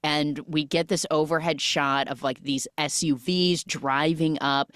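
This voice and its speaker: A woman hosting a podcast, recapping a film in a casual, animated way with lots of "like" fillers. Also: low voice, unhurried, no echo, clean studio sound. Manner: animated storytelling with frequent "like" fillers. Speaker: podcast host.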